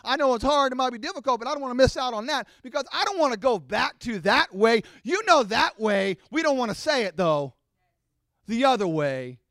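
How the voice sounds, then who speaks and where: A middle-aged man preaching a sermon to his congregation, animated and acting out the voices of his listeners. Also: very high-pitched, a little fast, no echo, clean studio sound. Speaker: pastor.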